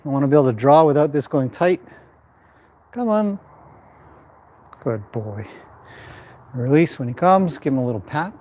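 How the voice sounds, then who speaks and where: A man training a horse in a pen, calmly explaining what he does while softly praising and directing the animal. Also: on the high side, moderate pace, pauses often, slight background noise. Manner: calm running commentary mixed with soft praise to the horse.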